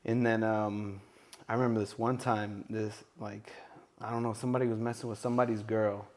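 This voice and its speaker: A man's voice: fairly low pitch, flat delivery, fairly quick. A man who is a guest on a podcast, telling stories animatedly and swearing freely. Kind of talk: casual chat.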